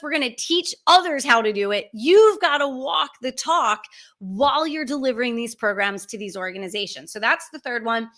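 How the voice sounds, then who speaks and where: A woman's voice: sits high, sharp tone. A woman giving an emphatic, conversational business talk to coaches and consultants, full of rhetorical questions. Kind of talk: direct-to-camera talk.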